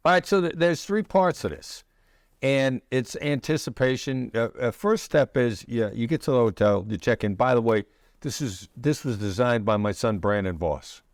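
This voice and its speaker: A middle-aged man, a negotiation expert guest in an interview, explaining his ideas in a measured way with pauses and restarts. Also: mid-range voice, dry recording, studio quality. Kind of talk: conversational interview answers.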